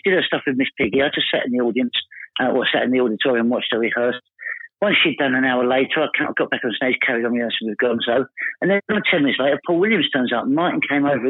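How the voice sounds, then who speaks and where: A man from Essex with an Essex accent, telling comic anecdotes as a podcast guest, quoting people in animated voices. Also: mid-range voice, slightly rough, no room sound. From Essex, England. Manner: rapid storytelling, animated quoting of others. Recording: tinny phone-like dry line.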